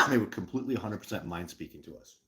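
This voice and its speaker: A man hosting a live stream, answering chat questions in an excitable, emphatic way, repeating words and restarting sentences, with loud bursts on sudden words. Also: lowish voice, fast, very noisy. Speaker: host of a live show.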